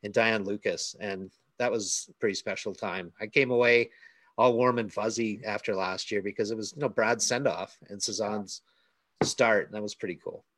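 A man's voice: on the low side, steady tone, moderate pace, a bit bright, no echo. A man on a casual panel, joking and bantering with a laugh. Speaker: panel guest.

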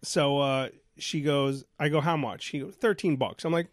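A man tells a long, rambling story on a talk show, acting out every line of dialogue. His voice sits a little high for a man. The sound is dry and close. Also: normal speed, no echo. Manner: rambling, animated, many restarts. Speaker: radio show host. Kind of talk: casual storytelling chat.

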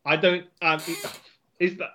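A man in casual chat, excitable, laughing a lot and acting out characters' lines. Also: high-pitched, takes it slowly, slight background noise. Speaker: podcast co-host.

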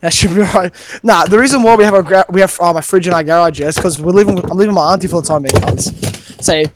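A young man on a casual podcast call from his garage, swearing a lot and protesting loudly when teased. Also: sits high, quick pace, background noise. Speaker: podcast co-host. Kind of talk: casual chat.

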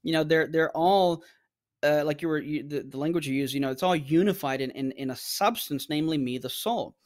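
A man's voice: fairly high pitch, fairly quick. A man as a podcast guest explaining ideas in casual conversation, using everyday examples. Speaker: guest apologist.

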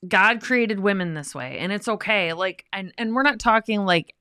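A wordy, emotional woman in her thirties co-hosts a casual, faith-based podcast about marriage. Her voice is recorded dry and close, with no room sound. She talks at a medium pitch and takes her time with her words. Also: normal speed, clean tone, no echo. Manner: wordy, emotional, animated when she acts out friends. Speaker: podcast co-host.

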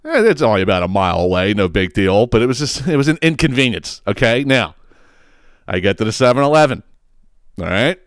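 A man's voice: fairly low pitch, lively intonation, brisk, smooth, no room sound, clean studio sound. Profane, rambling male podcast host. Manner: profane, rambling, self-interrupting, laughs at own story. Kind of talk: casual storytelling monologue.

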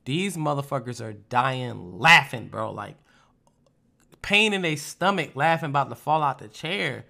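A young man in casual chat, telling animated, profane stories and acting out the people in them. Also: mid-range voice, a little slow, creaky. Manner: animated, profane storytelling with lively put-on quotes.

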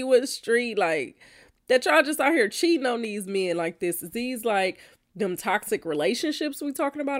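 A woman hosting a podcast, reacting bluntly and profanely to listener answers, often laughing. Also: medium pitch. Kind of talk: casual reaction chat.

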